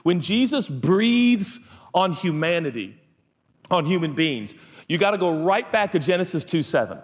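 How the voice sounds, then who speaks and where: A man's voice: high voice, sing-song, moderate pace. A man preaching a sermon, telling the story with playful asides and acting out the people in it. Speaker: pastor. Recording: hall reverb.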